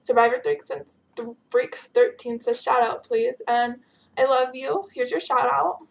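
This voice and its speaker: A woman's voice: high voice, steady tone, a little slow, vocal fry. A teenage girl chatting casually as she answers viewer questions in her vlog, giggly and bubbly, sounding tired. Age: teens. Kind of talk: casual chat.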